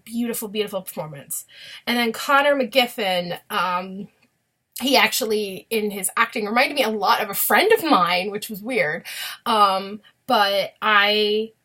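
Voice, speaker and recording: Young woman, casual vlogger, bright tone, gushing and filler-heavy. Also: fairly high pitch. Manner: gushing, chatty, many fillers. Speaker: vlogger reviewing a musical. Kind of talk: casual chat.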